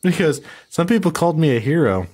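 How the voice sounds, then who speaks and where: A man's voice: fairly high pitch, big pitch swings, a little fast, a crowd in the background. A man co-hosting a casual beer podcast, telling a story in a rambling way with restarts. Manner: rambling, many restarts and fillers. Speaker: podcast co-host.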